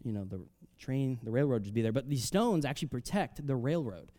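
Man, preacher, sermon, conversational, loud emphatic peaks, quiet drops. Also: medium pitch, lively intonation, fairly quick. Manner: reads scripture aloud, then explains it casually with fillers.

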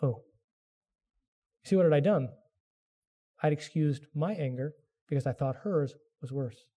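A man's voice: fairly high pitch, a little slow, dark tone. A middle-aged man preaching a sermon to his congregation, earnest and direct, who raises his voice to act out people's excuses. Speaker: pastor.

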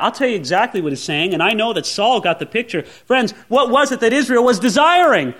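A man's voice: very high-pitched, sing-song, fairly quick, a bit bright. A male pastor preaching a sermon, acting out the lines of biblical characters.

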